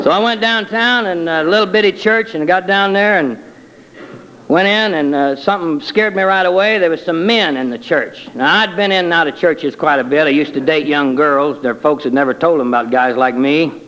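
A man's voice: a little high, moderate pace, a bit bright, low-quality recording. A man giving a personal testimony in a colloquial, self-deprecating storytelling way with wry humor.

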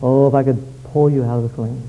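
A man preaching an evangelistic sermon, telling a story and swinging from hushed to loud. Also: medium pitch, fairly even intonation, fast, narrow, tinny audio, a little hiss or hum.

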